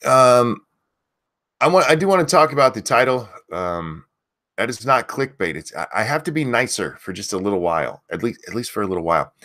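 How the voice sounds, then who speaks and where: A man hosting a casual live stream, loudly calling out viewers' names and talking frankly with mild swearing. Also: medium pitch, sing-song, brisk. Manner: loudly calls out viewer names, then drops back to easy talk. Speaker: host of a live stream show.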